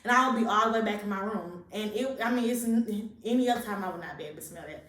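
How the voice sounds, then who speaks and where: A fast-talking young woman with a mid-range, fairly bright voice shares a pregnancy update on her vlog. She is a little breathless, chatting casually to camera and rambling with plenty of fillers, captured by a distant mic in an echoey room.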